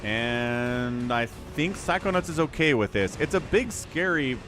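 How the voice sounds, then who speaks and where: A man's voice: medium pitch, expressive, a little slow, music in the background. A man casting a strategy game on a live stream, chatty, laughing often and greeting viewers. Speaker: game caster.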